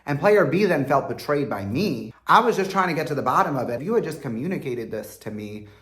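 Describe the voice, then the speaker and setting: A young man telling a storytime monologue about his reality competition run, in an animated, slangy way, acting out what others said. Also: fairly quick, reverberant. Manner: animated and slangy, acting out quotes with big pitch jumps. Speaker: former reality competition contestant.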